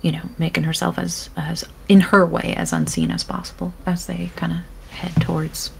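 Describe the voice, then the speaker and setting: A woman's voice: fairly low pitch, little pitch movement, moderate pace, creaky, husky. A woman playing in a tabletop game, talking hesitantly with many fillers and asking the game master questions. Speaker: player. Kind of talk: tabletop role-play as a player.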